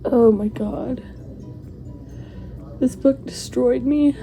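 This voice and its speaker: A woman's voice: high voice, very slow, gravelly, dark tone, faint music behind. A woman talking emotionally about a book in a casual vlog, rambling and restarting her sentences. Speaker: book reviewer.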